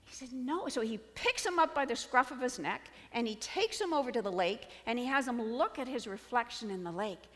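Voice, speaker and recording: A woman preaching a sermon, telling a fable in an expressive storytelling manner with dramatic swings in volume. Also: on the high side, fairly quick, few pauses, in a large hall.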